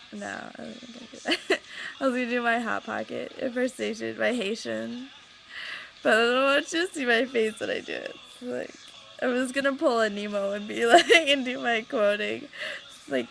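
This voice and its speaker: A woman's voice: fairly high pitch, steady tone, normal speed, creaky, a bit bright, slight background noise, rough recording. A young woman ranting casually to her webcam at home, rambling and sarcastic with lots of filler words. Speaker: vlogger.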